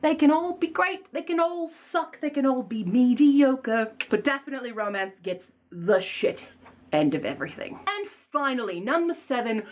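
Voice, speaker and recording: A young woman chatting casually to camera as a book vlogger, animated, rambling and self-mocking. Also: on the high side.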